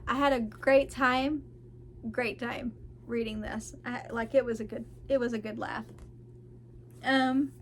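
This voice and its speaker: Chatty woman book reviewer, giggly and gushing, voice sitting a bit high. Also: a little hiss or hum. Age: adult parent of children. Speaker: book vlogger. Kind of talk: casual book review chat.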